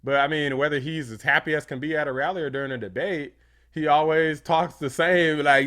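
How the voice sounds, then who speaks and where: Bright-voiced man doing casual commentary. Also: fairly high pitch, a little fast. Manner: casual, dismissive, slangy. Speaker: YouTube commentator. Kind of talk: reaction video commentary.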